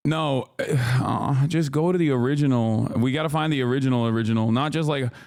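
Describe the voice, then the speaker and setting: A man streaming live, reacting to a clip and arguing his point in a heated, sarcastic way with quick restarts and fillers. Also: medium pitch, a little mellow. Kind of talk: casual stream commentary.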